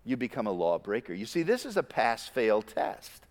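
A man preaching a sermon as a pastor, with emphatic stresses that drop into quiet, low asides. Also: very animated, normal speed, long reverb tail.

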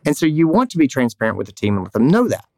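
A man's voice: medium pitch, very fast, creaky, no echo. A male veterinarian hosting a podcast, talking candidly in a rambling, storytelling way. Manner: candid, rambling, lively storytelling with acted quotes. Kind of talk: casual podcast chat.

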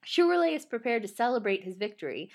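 A woman's voice: a little high, sing-song, fairly quick, creaky. A woman in casual chat who reads a ballet synopsis aloud, often laughing and stumbling over unfamiliar names. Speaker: podcast co-host.

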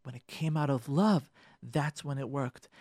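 A rabbi speaking on the radio urges listeners passionately, moving from loud insistence to gentle pleading and returning to his key points again and again. His voice is mid-range and a little slow, captured in a dry, clean studio recording.

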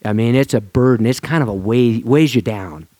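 Halting, chatty man preaching. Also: mid-range voice, mellow, dry recording. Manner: informal, halting, with many restarts and laughs. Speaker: pastor. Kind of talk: conversational sermon.

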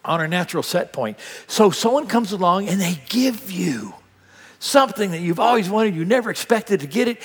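An older man preaching a sermon, telling stories with big swings between loud bursts and hushed asides. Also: high voice, expressive, moderate pace, husky. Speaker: pastor. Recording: long hall reverb.

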